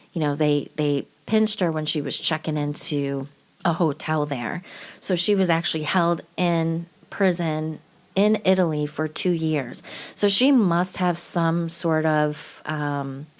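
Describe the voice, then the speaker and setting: A woman hosting a true-crime podcast, talking casually and bluntly, swearing freely with lots of fillers. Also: deep voice. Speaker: podcast host.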